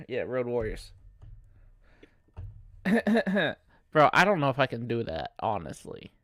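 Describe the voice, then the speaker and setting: A man's voice: mid-range voice, wildly swooping pitch, slow, fairly bright tone, no echo, studio quality. A man hosting a casual sports podcast, rambling with fillers and swearing, with a cough. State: has a cough. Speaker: podcast host.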